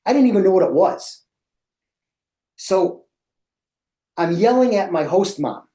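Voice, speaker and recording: Animated man telling a story, echoey room. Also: high-pitched, unhurried, long pauses. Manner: animated, acts out his own past reactions. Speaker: presenter for educators. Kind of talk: storytelling in a presentation.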